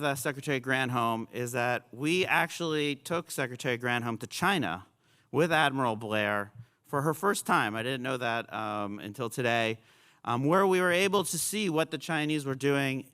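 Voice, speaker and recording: A man's voice: mid-range voice, a bit bright, clean tone. A man introducing a keynote speaker on stage, hesitant, with many ums and uhs. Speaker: event host introducing the speaker.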